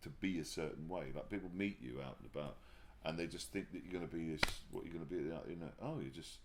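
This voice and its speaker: A man talking candidly as an interview guest, often pausing and restarting his sentences before warming into animated storytelling. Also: extremely low pitch, heavy background noise. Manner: halting, restarts sentences, then grows animated telling anecdotes. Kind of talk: casual reflective conversation. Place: livestream conversation.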